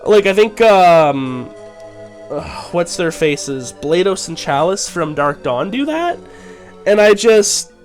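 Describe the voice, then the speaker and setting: A man's voice: high voice, very animated, takes it slowly, faint music behind. A man chatting casually and enthusiastically while streaming a video game.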